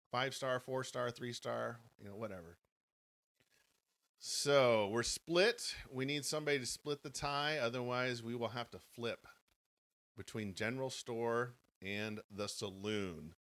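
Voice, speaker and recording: A man's voice: mid-range voice, a bit bright. A man co-hosting a podcast, joking and laughing as he tallies listener votes. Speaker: podcast co-host running the audience vote. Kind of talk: live podcast chat.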